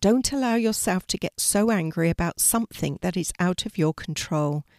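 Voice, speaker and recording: A woman voicing a gentle female guardian angel who speaks softly and patiently in a storybook reading. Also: on the low side, normal speed, dry recording, studio quality, close to an everyday voice. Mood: advising. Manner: soft, patient, advising.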